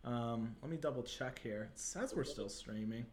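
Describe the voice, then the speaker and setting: A livestream host in Santa Monica, Los Angeles chats with viewers over his webcam, cheerful and loaded with fillers. His mid-range voice is a little mellow and moves at a moderate pace, with a slight hiss or hum on the recording.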